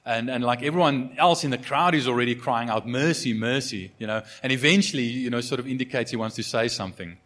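A man's voice: mid-range voice, fast, few pauses, a bit bright. A man from Africa, preaching a sermon in a conversational way, full of fillers and restarts. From South Africa. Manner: conversational, many fillers and repeated starts. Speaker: pastor.

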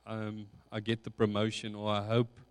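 A man preaching a sermon, slow and reflective, building emphasis on key points. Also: lowish voice, completely flat delivery, clean tone. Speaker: pastor. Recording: long hall reverb.

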